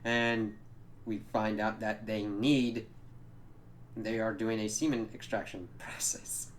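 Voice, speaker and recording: A man with a lowish voice recapping a show episode in a loose, rambling way. He swears freely and fills his talk with "like" and "uh", over a faint background hum. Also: fairly even intonation, slow. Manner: rambling, profane, many fillers. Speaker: show reviewer. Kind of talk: casual spoken episode recap.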